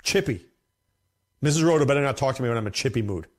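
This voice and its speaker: A man talks straight to his viewers about fantasy football in a loose, conversational way. His voice sits in a middle register but swings up and down with lively emphasis, and he hammers his points home by repeating them. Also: mid-range voice, quick pace. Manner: animated, emphatic, repeats himself. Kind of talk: casual commentary to camera.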